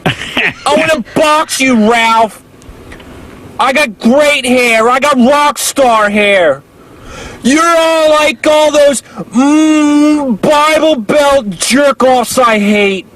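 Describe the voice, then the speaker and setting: A man's voice: very high voice, extremely slow, a bit bright, exaggerated voice, low-quality recording. A man voicing a combative, foul-mouthed man with a heavy stutter who keeps getting stuck on words. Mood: ranting. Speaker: caller doing an impression.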